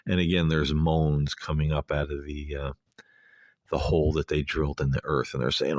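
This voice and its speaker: A man's voice: very deep voice, level tone, moderate pace, no echo, clean studio sound. A male host giving a rambling, hesitant, earnest solo commentary.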